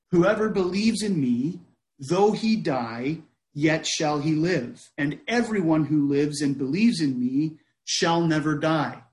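A man preaching a sermon in a measured, deliberate way, often restarting his phrases. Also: on the high side, reverberant.

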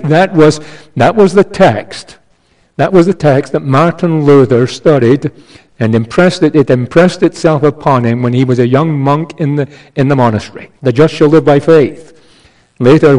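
A man preaching an expository sermon in a measured, emphatic way, with small restarts. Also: medium pitch, dark tone, low-quality recording.

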